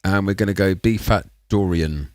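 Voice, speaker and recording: Chatty man with a low voice. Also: normal speed, a little mellow, no room sound, studio quality. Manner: rambling, chatty and self-mocking. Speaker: livestream music producer. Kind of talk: casual live-stream chat.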